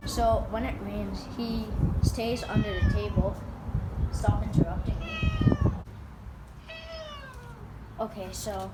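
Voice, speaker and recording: Pet vlogger, female, slightly high voice, doting, chatty, filmed in a roomy space from a distance. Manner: chatty, doting, with frequent fillers and restarts. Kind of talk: casual narration while filming her cat. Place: at home near a backyard. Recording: roomy, distant mic, noisy background.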